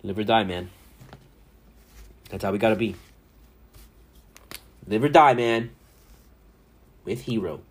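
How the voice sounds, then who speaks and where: The podcast host, a thirties-aged man from the Miami area, speaks in a lowish voice at a slow pace, pausing often. His casual sports chat is profane and rambling, told with animated storytelling.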